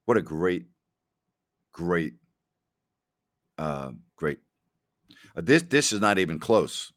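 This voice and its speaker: Male host with a lowish voice, rambling and repetitive, dry close sound. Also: big pitch swings, takes it slowly, fairly bright tone, no echo. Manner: rambling storyteller who repeats phrases and laughs often. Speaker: podcast host. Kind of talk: casual solo chat answering listener questions.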